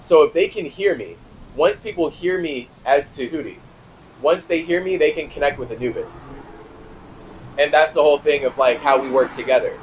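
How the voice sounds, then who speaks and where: A man hosting a spiritual talk show, reading a listener's letter aloud and answering it in a passionate, heated monologue with big swings in pitch and loudness. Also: moderate pace, slight background noise, rough recording.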